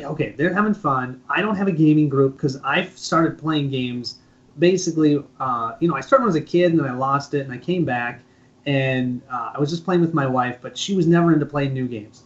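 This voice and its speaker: A man with a Minnesotan accent, a board game channel host chatting casually on a live stream and laughing often. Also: a little high. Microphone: phone earlier, now mic. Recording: dull lo-fi stream audio.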